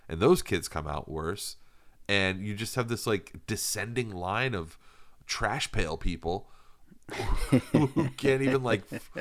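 A man chatting casually on a comedy podcast, rambling, swearing and laughing as he riffs. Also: on the low side. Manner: rambling, profane, laughs often.

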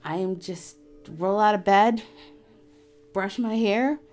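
A woman's voice: medium pitch, slow, a little mellow, faint music behind. A middle-aged woman casually telling a personal story, chatty and laughing often as she quotes others. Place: in Florida.

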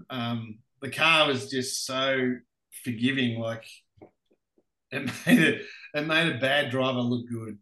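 An Australian man, a racing driver and podcast guest, telling lively anecdotes with frequent laughs. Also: mid-range voice. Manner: animated anecdotes, laughs often. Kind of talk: casual storytelling interview. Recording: roomy echoey room.

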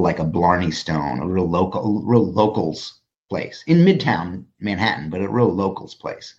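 A middle-aged man, hosting a podcast in casual conversation, telling stories animatedly and swearing freely. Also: on the low side. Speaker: podcast host and designer. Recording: muffled lo-fi audio.

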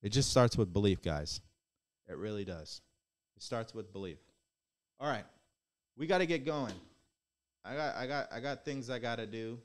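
A man's voice: medium pitch, lively intonation, normal speed, long pauses. A man hosting his own podcast, giving a blunt, preachy motivational talk, swearing casually and challenging listeners with repeated rhetorical questions. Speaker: podcast host. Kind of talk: motivational monologue.

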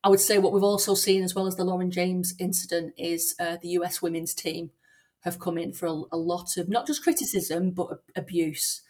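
A woman academic speaking as a guest on a podcast interview, thoughtful and measured, with frequent fillers and restarts. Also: lowish voice, steady tone, a little mellow.

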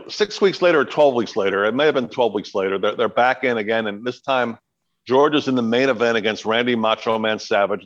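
A middle-aged man telling stories as a podcast guest, in a casual chat. He talks in an animated way and acts out what people said. His voice sits in the middle of the male range. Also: on the low side, lo-fi sound. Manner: animated storyteller, acts out quotes.

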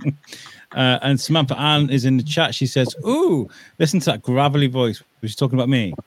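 A man's voice: medium pitch, fairly quick, no echo. A man hosting a casual livestream chat, upbeat and reading viewer comments aloud. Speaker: host.

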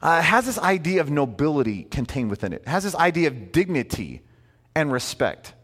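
A man preaching a sermon in a conversational, animated way, full of asides and rhetorical questions. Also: a little high, fairly quick, big-room sound. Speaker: pastor.

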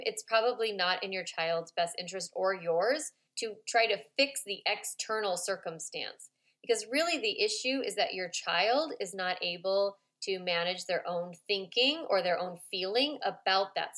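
A woman hosting a parenting podcast as a coach, talking informally with lots of "like" and "right?", softening her voice to model calm replies to children. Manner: chatty and informal, full of "like" and "right?"; acts out children's complaints in a high voice. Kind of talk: conversational podcast monologue.

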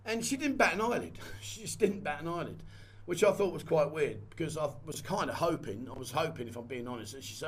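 A man's voice: fairly high pitch, animated, brisk, slight background noise. A man vlogging a candid personal story in a rambling, conversational way and repeating phrases. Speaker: vlogger and photographer.

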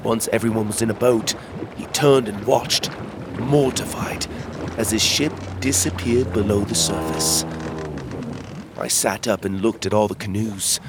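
A man narrating a children's fantasy adventure in the first person, reading at a measured, steady pace. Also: on the low side, over music. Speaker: storyteller.

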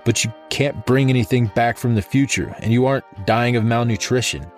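A man reading a story, voicing a cold, scheming young woman inventor who talks in a defiant, sharp-tongued way. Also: low voice, quick pace, faint music behind, natural voice. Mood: stunned.

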